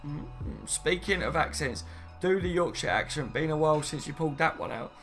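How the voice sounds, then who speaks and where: A man's voice: fairly high pitch, lively intonation, moderate pace, creaky, fairly bright tone, soft background music. A man chatting casually on a live stream, rambling and reading viewer comments aloud, saying "mate" and "you know what I mean" often. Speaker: football fan streamer.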